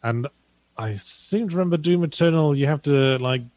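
A man's voice: on the high side, normal speed, darkish tone, no echo. Dry, wry man chatting. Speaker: podcast co-host reading viewer donations. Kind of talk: casual chat.

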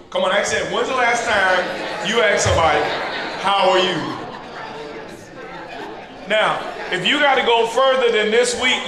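A man preaching at a leader training, teaching through call-and-response and building to shouted peaks. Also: high-pitched. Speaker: pastor leading a leader training. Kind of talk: sermon-style teaching. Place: large church hall with an audience. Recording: echoey hall with crowd responses.

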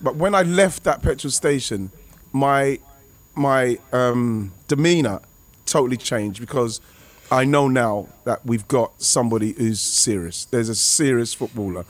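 A former footballer, telling a rambling, excitable anecdote over a remote call. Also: male voice, mid-range voice, a little slow. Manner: rambling, excitable, many restarts and fillers. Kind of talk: casual anecdote on a podcast.

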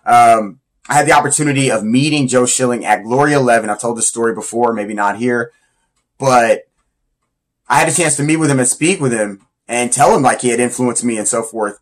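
A Muay Thai fighter, speaking in a medium-pitched voice at a moderate pace, counts down his influences. He's casual and enthusiastic, rambling a bit and dropping slang.

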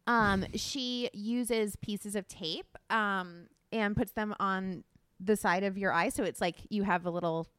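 A woman's voice: mid-range voice, slow, fairly bright tone, clear, resonant tone, no room sound. Woman, twenties, podcast co-host, giggly, rambling, crude jokes, dry close mic. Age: 20s. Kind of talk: casual chat.

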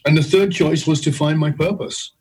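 Brief: middle-aged man, husky voice, intense emphatic storyteller. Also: fairly even intonation, normal speed, a little mellow, rough recording. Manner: intense, emphatic storytelling with big pitch swings. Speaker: guest, leadership speaker. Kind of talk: storytelling interview.

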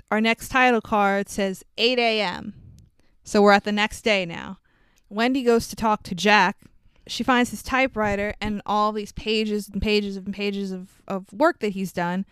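A woman's voice: medium pitch, smooth, dry recording, studio quality. A woman co-hosting a podcast, recapping a movie in a chatty, swearing, laughing way. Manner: chatty, swears, laughs often, acts out quotes. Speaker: podcast co-host.

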